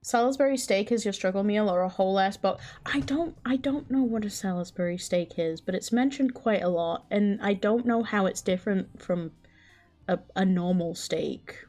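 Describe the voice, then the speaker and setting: A woman's voice: mid-range voice, moderate pace, a little mellow, soft background music. A woman livestreamer chatting casually, incredulous and chatty, swearing often. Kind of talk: casual stream chat.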